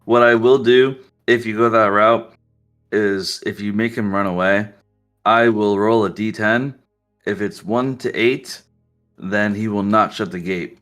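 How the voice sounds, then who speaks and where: A man's voice: on the low side, steady tone, a little slow, a bit bright, faint music behind. A man narrating as game master in casual, filler-heavy speech.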